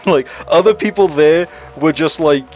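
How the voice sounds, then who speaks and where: A man's voice: fairly high pitch, slow, music in the background. A young man streaming a video game, chatting casually and telling stories with lots of laughter and swearing. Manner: lively, laughing, swearing storyteller. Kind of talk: casual gaming livestream chat.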